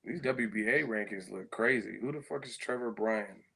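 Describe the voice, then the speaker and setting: A man's voice: lowish voice, moderate pace, vocal fry, pushed and bright, breathy edge. Profane, rambling male stream host. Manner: profane, rambling, riffing on viewer comments. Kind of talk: live-stream chat.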